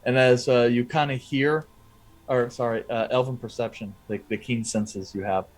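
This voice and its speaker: A man's voice: mid-range voice, fairly even intonation, moderate pace. A man narrating a tabletop game as game master, rambling and hesitant, with many fillers.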